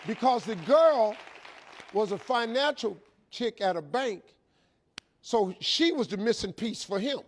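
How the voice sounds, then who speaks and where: A man's voice: high voice, animated, measured pace, a faint crowd. A middle-aged man telling a folksy, emphatic, preacher-like story to a live audience as a motivational speaker.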